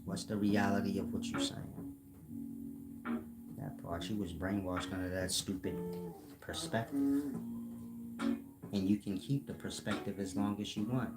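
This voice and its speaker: Deep-voiced man lecturing his stream chat. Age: older. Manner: blunt, lecturing, scolding trolls. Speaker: livestream host. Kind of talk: live-stream monologue to chat. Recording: loud guitar music behind.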